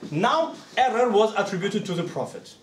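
A man's voice: high-pitched, big pitch swings, moderate pace, far from the mic, slight background noise. A man giving a religious lecture to an audience, speaking conversationally and often asking rhetorical questions. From Uzbekistan. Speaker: Islamic scholar lecturing. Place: lecture hall. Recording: echoey room, speaker away from the mic.

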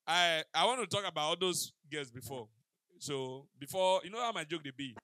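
A man's voice: on the high side, normal speed, dry recording. A man doing stand-up comedy on stage, telling stories in pidgin and acting out the dialogue. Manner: animated storyteller mixing pidgin, acting out dialogue. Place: comedy stage before a live audience.

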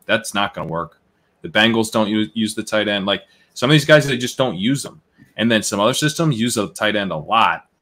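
Bright-voiced analytical man. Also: lowish voice, lively intonation, a little fast. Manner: analytical, explains at length. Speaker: guest fantasy football analyst. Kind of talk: casual podcast chat, live draft.

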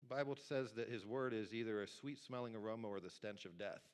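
Man preaching a lively, chatty sermon. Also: on the low side, fast talker, clean tone. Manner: lively, conversational preaching with audience asides. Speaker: pastor. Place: church sanctuary.

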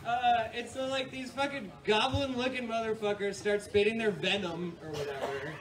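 Stand-up comic, man from New York, high voice, swearing and rambling, chuckles at his own bits, heard from afar. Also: moderate pace. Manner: profane, rambling, laughs at own jokes. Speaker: stand-up comedian. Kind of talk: stand-up set. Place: comedy club stage with audience. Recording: distant mic, noisy live room.

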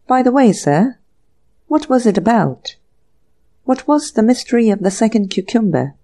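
A woman's voice: fairly high pitch, expressive, normal speed, warm tone, voice pushed up. A woman reading an audiobook, voicing a polite, good-humoured police inspector who speaks respectfully. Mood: courteous. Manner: respectful, courteous.

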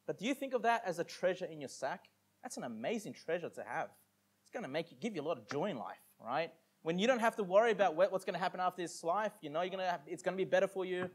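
An Australian pastor with a male voice on the high side preaches a conversational sermon. He reads scripture aloud slowly and emphatically, mixing in casual asides to the congregation.

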